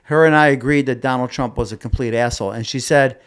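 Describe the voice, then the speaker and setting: A man's voice: mid-range voice, fast talker, smooth. Middle-aged guy rambling thru a story on his podcast, lots of restarts, gets worked up. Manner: rambling, many restarts and asides, animated when upset. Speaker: podcast host. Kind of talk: casual storytelling monologue.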